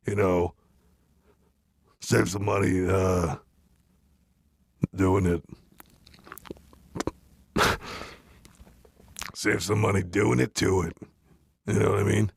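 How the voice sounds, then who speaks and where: A man giving a rambling, deadpan comic monologue full of restarts and asides, close to the mic. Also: on the low side, slow, creaky, long pauses, breathy edge, dry recording. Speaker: comedian doing a parody reading.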